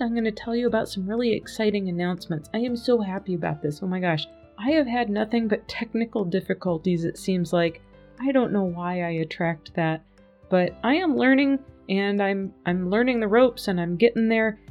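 A woman's voice: medium pitch, darkish tone. Chatty woman hosting a podcast. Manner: chatty, upbeat, exclaims often. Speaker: podcast host. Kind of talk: solo podcast chat. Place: home studio.

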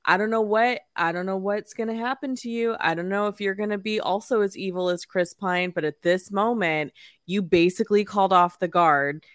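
A woman's voice: mid-range voice, moderate pace. A woman chats animatedly about a movie with her co-host, laughing easily. Her voice sits in a middle register and sounds close and dry, with no room echo. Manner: chatty, animated, laughs often. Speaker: podcast co-host. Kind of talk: casual film discussion.

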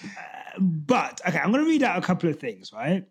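Lively, animated man co-hosting a podcast. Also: sits high, moderate pace, husky. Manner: animated, laughs often, trails off and restarts. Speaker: podcast co-host. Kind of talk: casual chat.

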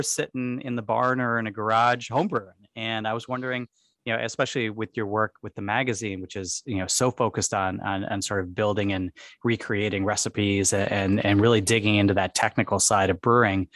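A man's voice: lowish voice, a bit bright, no room sound, clean studio sound. A man hosting an interview, asking long wandering questions full of you know and sort of. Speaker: podcast host. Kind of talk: casual conversational interview.

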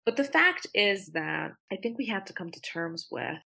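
A woman's voice: mid-range voice, sing-song, moderate pace, creaky, bright, forceful tone. A young woman attorney speaking as a guest in a podcast interview, blunt and emphatic, swearing freely. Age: young adult.

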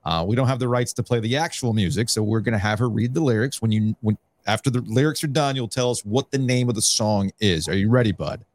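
A man's voice: fairly low pitch, quick pace, hardly any pauses, a little mellow. A man hosting a casual sports podcast, laughing often and repeating words as he talks. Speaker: podcast host.

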